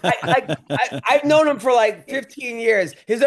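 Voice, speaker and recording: Male stand-up, high voice, excitable podcast storyteller. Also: unhurried. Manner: excitable, laughs through his stories. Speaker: stand-up comedian, podcast co-host. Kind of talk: casual podcast chat.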